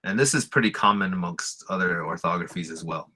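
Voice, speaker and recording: A man giving a relaxed spoken language lesson, explaining with fillers and repeating example words slowly. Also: deep voice, husky. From Lakota community in the US. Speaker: language teacher.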